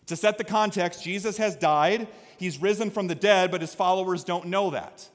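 High-voiced pastor preaching in a reverberant hall. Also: male voice, moderate pace. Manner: energetic, swings from quiet to loud exhortation. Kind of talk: sermon. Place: church sanctuary. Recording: long reverb of a church hall.

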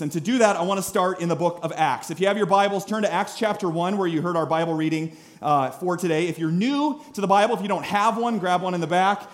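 A man in his thirties preaching a sermon in a church, conversational and animated, full of rhetorical questions. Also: sits high. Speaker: pastor. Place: church sanctuary.

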